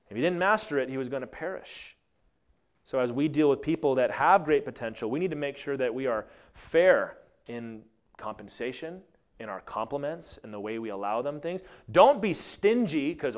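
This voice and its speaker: Male pastor, 30s, lively sermon delivery, acts out quoted characters. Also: medium pitch. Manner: animated, acts out quoted voices.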